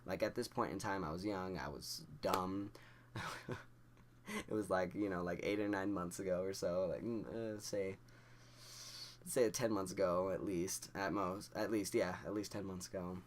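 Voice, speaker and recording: A man's voice: sits low, fairly even intonation, normal speed. A young man from Idaho telling a story to camera in a rambling, stammering way, acting out what others said. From Idaho, USA. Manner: rambling, stammering restarts, acts out quoted dialogue. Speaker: vlogger.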